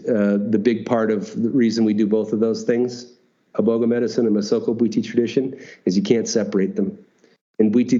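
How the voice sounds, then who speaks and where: A man telling a personal story as an interview guest, animated, swearing now and then and acting out dialogue. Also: on the low side, lo-fi sound. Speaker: guest, retreat founder.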